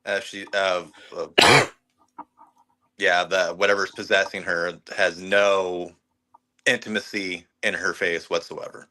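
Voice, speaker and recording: A man's voice: sits low, little pitch movement, slow pace, sharp tone, low-quality recording. A man co-hosting a podcast, chatting casually about a movie and often laughing along. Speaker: podcast co-host. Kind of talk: casual movie review chat.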